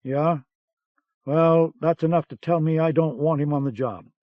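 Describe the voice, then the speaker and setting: A man's voice: fairly high pitch, unhurried, dry recording, natural voice. A man reading an audiobook, voicing a blunt and skeptical American officer in a dull cassette-era recording. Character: brash, gruff American officer.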